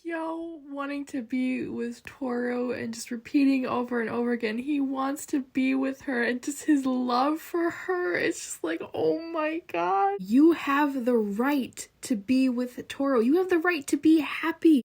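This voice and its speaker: A young woman reacting to an anime, gushing and swinging between outrage and tearful excitement, with some swearing. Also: high voice, a little slow, hardly any pauses. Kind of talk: emotional reaction vlog.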